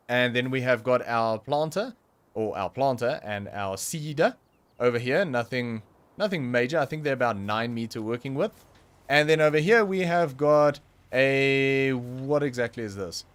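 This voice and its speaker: A young South African man with a South African accent, chatting casually and rambling through a game livestream, with frequent ums and self-corrections. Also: mid-range voice. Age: young adult. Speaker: streamer.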